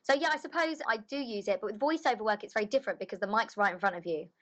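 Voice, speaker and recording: A woman's voice: mid-range voice, racing, poor audio. A woman voice actress chatting casually in an interview, loose and full of filler phrases. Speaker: voice actress guest.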